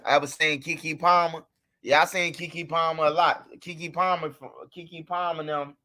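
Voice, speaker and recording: Dude on a stream going off to his chat, kinda high bright voice, swears a lot. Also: little pitch movement, moderate pace. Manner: loose, profane, talks straight to the chat. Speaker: livestream host. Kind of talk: casual livestream commentary.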